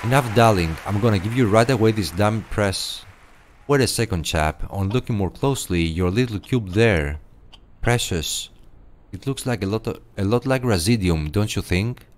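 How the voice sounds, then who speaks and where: A man's voice: fairly low pitch, animated, moderate pace, some chatter behind, lightly acted. A man voicing a pompous knight of a secret order in a video game, grandiose and theatrical, slipping into game-show host patter. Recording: game audio over loud music.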